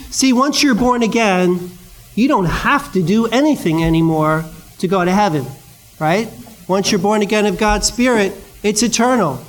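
High-voiced male preacher, chatty sermon. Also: a little slow, pauses often, poor audio. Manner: conversational, storytelling with asides.

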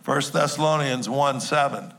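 A man's voice: medium pitch, a bit bright. A man preaching a sermon in a New Jersey accent, talking in a chatty, joking way with asides to his congregation. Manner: conversational and jokey, quick asides to the congregation. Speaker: pastor.

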